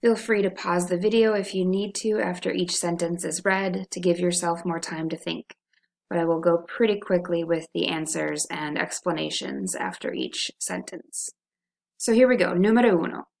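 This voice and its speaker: Spanish teacher, low gravelly voice. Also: female voice, steady tone, a little mellow, roomy sound. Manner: clear, slow modeling of Spanish forms for repetition. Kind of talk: video language lesson.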